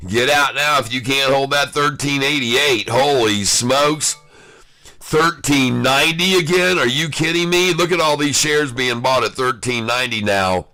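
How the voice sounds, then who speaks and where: A man giving live day-trading commentary, excitable and taunting, calling out prices and addressing viewers as folks. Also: medium pitch, no echo. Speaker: stock day-trader streaming live.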